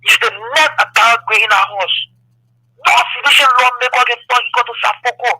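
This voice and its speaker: A man's voice: extremely high pitch, brisk, sharp tone, slightly rough, no room sound, poor audio. A man calling in to a talk show with earnest, formal political commentary. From Liberia. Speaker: caller.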